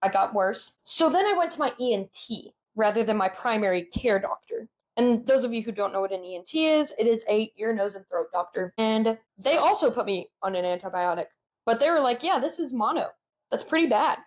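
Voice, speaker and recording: Young woman co-hosting a chat, crude jokes, giggly, bouncy high voice. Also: brisk, poor audio. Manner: giggly, crude joking, animated storytelling. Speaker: co-host. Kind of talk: casual chat.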